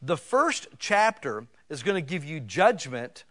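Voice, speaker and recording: A male pastor preaching a sermon in a folksy, conversational way, building to loud emphasis on scripture. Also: fairly high pitch, very animated, measured pace.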